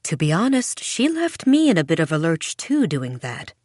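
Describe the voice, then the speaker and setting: A sugary, placating shopkeeper played by a woman reading aloud, always beaming and eager to please. She talks softly in a lowish voice, recorded close and dry. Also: big pitch swings, normal speed, dry recording. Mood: apologetic. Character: fawning, smiling middle-aged female shopkeeper.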